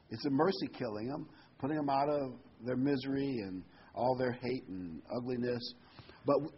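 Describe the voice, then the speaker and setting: A man's voice: medium pitch, dull audio, slight background noise. A man preaching a sermon verse by verse in a folksy, conversational way.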